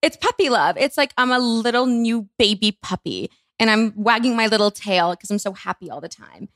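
A woman's voice: fairly high pitch, lively intonation, moderate pace, fairly bright tone, no echo, studio quality. A woman in her twenties, co-hosting a podcast, bubbly and rambling, with lots of filler words. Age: 20s. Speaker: podcast co-host. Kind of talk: casual chat.

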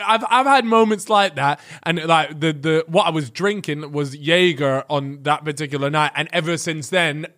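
Bright-voiced male podcast host. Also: a little high, moderate pace, hardly any pauses. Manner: short encouraging back-channel replies. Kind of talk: casual interview chat.

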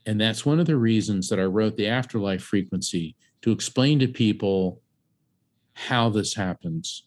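A middle-aged man from Central Florida, a psychic medium and author, telling a vivid story as an interview guest and acting out the voices of the people in it. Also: normal speed. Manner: animated storyteller, acts out voices and raises his pitch sharply.

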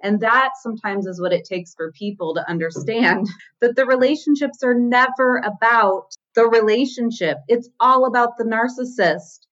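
A woman's voice: on the high side, normal speed, a bit bright, highs cut off. A woman therapist guest explaining relationship patterns and acting out the quoted lines. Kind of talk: casual podcast conversation.

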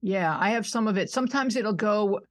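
Brisk and medium-pitched, this upstate New York woman in her sixties, from the Buffalo suburbs, chats casually as a podcast interview guest. She laughs often and likes to make fun of herself.

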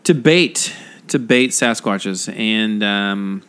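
A young man co-hosts a podcast in relaxed chat. He pokes fun at himself and laughs often. For his own thoughts his voice goes low and soft. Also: very slow, clean tone. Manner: self-mocking, laughs a lot, drops voice for quoted thoughts. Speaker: podcast co-host. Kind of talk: casual chat.

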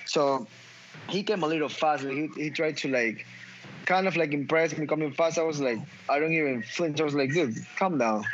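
A man's voice: a little high, moderate pace. A man who fights in mixed martial arts, giving a post-fight interview, talking emphatically with lots of swearing, stumbling and repeating words. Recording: dull audio with clear background noise.

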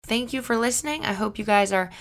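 A woman's voice: a little high, quick pace, over loud music. Bubbly woman hosting a solo podcast. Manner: bubbly, chatty and upbeat, with excited loud greetings; encouraging, motivational pep talk. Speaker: podcast host. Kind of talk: solo podcast monologue, casual chat.

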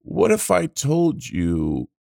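A man playing a gravelly, sarcastic Satan. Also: a little high, wildly swooping pitch, takes it slowly, warm tone, dry recording, studio quality, full character voice. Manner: sarcastic, laughs often. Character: Satan, a wisecracking male devil. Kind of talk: improvised comedy podcast.

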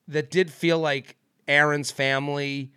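This podcast co-host speaks a little high but flat and unhurried, his tone bright, forceful, clear and resonant. In casual chat he rambles with plenty of fillers and restarts, laughing often. Clean studio sound with no room noise.

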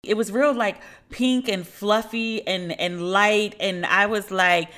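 A woman's voice: mid-range voice, fairly even intonation, slow pace, a bit bright. A woman hosting a podcast, telling a story in a candid, slangy and sardonic way. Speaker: podcast host. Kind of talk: casual storytelling monologue.

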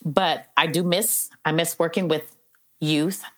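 A woman's voice: low-pitched, fairly even intonation, a little slow, a bit bright. A middle-aged woman, a probation officer, telling stories in an interview in an earnest, heartfelt way with many "you know" fillers. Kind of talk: conversational storytelling interview.

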